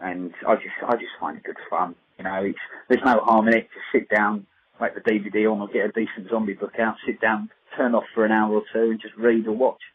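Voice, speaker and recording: A man's voice: flat delivery, fairly quick, slightly rough. A man chatting as a podcast guest, easygoing and a little hesitant. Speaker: podcast guest, zombie story writer. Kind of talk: casual chat. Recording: phone-like low-fidelity audio.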